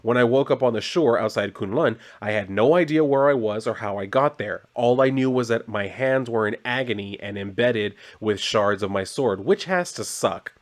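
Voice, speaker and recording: A man's voice: mid-range voice, moderate pace, few pauses, lightly acted. A man voicing a brooding, curt young male sword fighter, reading his comic lines out plainly. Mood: grim. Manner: read out plainly in a comic recap.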